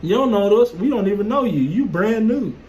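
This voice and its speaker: High-voiced man, blunt and profane monologue, faint background noise. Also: lively intonation, brisk, a little mellow, rough recording. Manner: blunt, profane, streetwise storytelling. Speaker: vlogger. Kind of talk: casual monologue.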